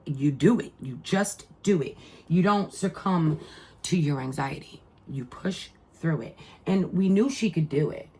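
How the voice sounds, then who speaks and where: A husky, lower-pitched middle-aged woman talks straight to her viewers in a casual vlog. She rambles heartfelt and unpolished, circling back with "like" and restarting her sentences. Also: measured pace, a little mellow. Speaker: mother and vlogger.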